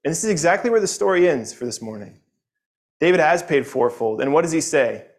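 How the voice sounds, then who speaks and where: A man's voice: a little high, expressive, fairly quick. A man teaching a Sunday morning Bible lesson, earnest and conversational, often repeating words as he goes.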